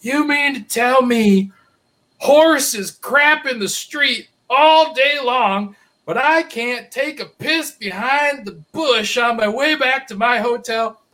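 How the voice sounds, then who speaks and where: A man doing a drunk young guy outraged at a cop, pitched far up and dragging each word out slowly. The voice sounds pushed back from the mic. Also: bright, forceful tone, exaggerated voice. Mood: indignant.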